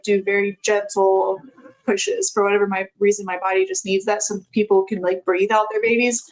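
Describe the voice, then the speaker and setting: A woman's voice: mid-range voice, low-quality recording. Woman, podcast guest, casual storytelling, chatty, frequent laughter, many fillers.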